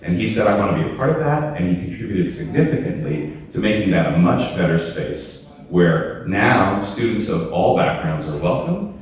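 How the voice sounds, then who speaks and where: A man's voice: low-pitched, expressive, moderate pace, hardly any pauses. A man giving a formal ceremonial speech as a university leader, earnest and building up lists by repetition. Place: large hall at a reception. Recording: echoey hall from far off.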